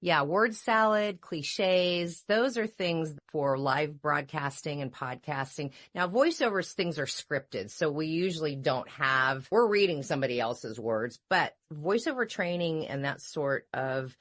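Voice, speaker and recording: A woman voice-over coach and radio personality in casual chat, expressive and jokey. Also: deep voice, measured pace, few pauses.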